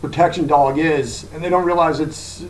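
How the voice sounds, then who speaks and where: Male guest from New Jersey, halting delivery, distant from the mic. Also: a little high, steady tone, a little hiss or hum. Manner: halting, restarts sentences. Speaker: guest, contractor. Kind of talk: casual podcast chat.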